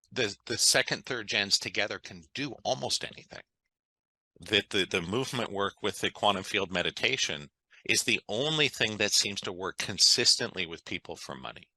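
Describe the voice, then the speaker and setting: A man's voice: fairly low pitch, pushed and bright, no echo, low-quality recording. A man, a guest on an interview, talking in an enthusiastic, conversational way and often checking in with "right?". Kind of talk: interview storytelling.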